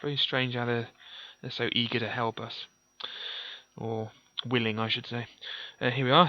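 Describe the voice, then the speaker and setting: A man's voice: mid-range voice, flat delivery, moderate pace, bright, forceful tone. A man reading a fantasy gamebook aloud and commenting casually as he plays, thinking aloud and correcting himself. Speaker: gamebook player and narrator. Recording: dull lo-fi, dry.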